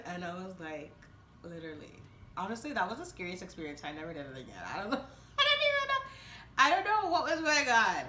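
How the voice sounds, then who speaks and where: A woman's voice: medium pitch, sharp tone, reverberant, a little hiss or hum. A young woman telling a rambling personal story to her viewers, with many fillers and bursts of laughter. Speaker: vlogger. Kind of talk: casual storytelling to camera.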